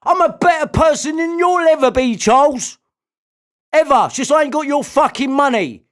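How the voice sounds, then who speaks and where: A man in an angry, sweary rant, shouting threats and insults. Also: very high voice, normal speed.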